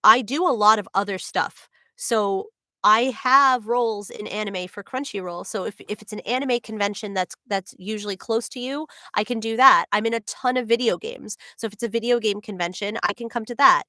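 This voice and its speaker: A woman's voice: fairly high pitch, bright, forceful tone, no room sound, clean studio sound. A voice actress with a New Jersey accent chatting casually with viewers on her livestream, bubbly and full of laughs and "like"s. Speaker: voice actor hosting a signing stream.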